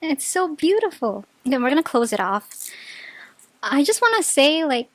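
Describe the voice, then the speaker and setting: A high-pitched woman reading tarot in a casual, chatty way, full of filler words and quick restarts. Her voice sits close and dry, with no room sound around it. She gushes readily and often breaks into delighted laughter. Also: very animated, fairly bright tone, no room sound. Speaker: tarot reader.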